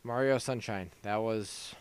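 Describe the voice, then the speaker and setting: A young man co-hosting a casual gaming podcast, excitable and gushing, often acting out his own reactions. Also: fairly low pitch, measured pace, smooth, dry recording. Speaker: podcast co-host.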